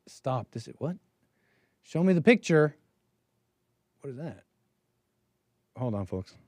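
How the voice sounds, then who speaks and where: A man hosts a call-in show alone, rambling through his commentary in stop-start bursts and trailing off into muttered asides. His voice sits at an ordinary middle pitch. The recording is dry and close, with no room sound. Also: very animated, slow, darkish tone, no room sound. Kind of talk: solo commentary monologue.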